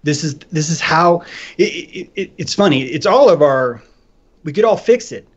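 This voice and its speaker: A man talking loose and animated on a podcast, swearing freely and acting out little voices as he argues. His voice sits a bit high, and the audio is dull and lo-fi. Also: moderate pace. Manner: animated, profane, acts out voices. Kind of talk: casual chat. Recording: dull lo-fi sound.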